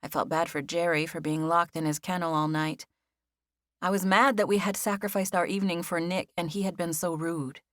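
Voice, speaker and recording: A woman reading a first-person novel as an audiobook narrator, with measured, even storytelling. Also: on the low side, dry recording, studio quality.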